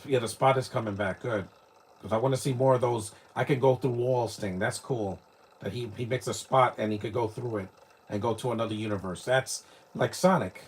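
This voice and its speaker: A husky-voiced man from New York talks through a film in a casual live watch-along. His delivery is rambling and opinionated, full of restarts, at a middle pitch. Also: a little fast. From New York, United States. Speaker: live movie commentator.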